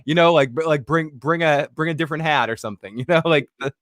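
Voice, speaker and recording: A man co-hosting a casual chat, talking in a relaxed, halting way with light laughs. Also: on the high side, no room sound, studio quality.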